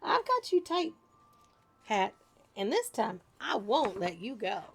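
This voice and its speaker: A woman's voice: a little high, wildly swooping pitch, takes it slowly, creaky, slight background noise, heavily acted. A woman playing determined little boy David. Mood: gleeful. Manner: earnest, insistent.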